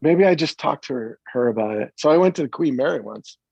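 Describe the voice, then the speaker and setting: A man's voice: a little high, expressive, quick pace, gravelly, darkish tone, slightly rough, dry recording, dull audio. A man joining a podcast as a guest, chatting in a laid-back way and laughing often. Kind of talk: casual chat.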